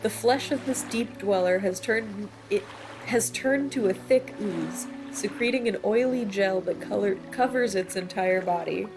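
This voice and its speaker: A woman's voice: medium pitch, unhurried, creaky, over music. A woman streaming a video game, reading the in-game descriptions aloud and then reacting to them with laughs and disgust. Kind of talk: let's play, reading game text aloud.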